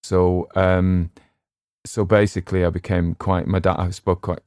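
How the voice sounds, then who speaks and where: A West Cumbrian man from England, a podcast host and audiobook narrator, talks in a low, darkish, clear, resonant voice with flat delivery and a measured pace. His casual chat rambles, digresses, and turns self-deprecating. The audio is clean studio sound with no echo.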